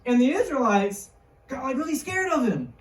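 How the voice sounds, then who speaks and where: A woman's voice: high-pitched, big pitch swings, normal speed. Jokey woman preaching in an echoey hall. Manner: jokey, chatty, slangy. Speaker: youth speaker. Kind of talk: casual youth sermon. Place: church hall. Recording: roomy hall, mic far off.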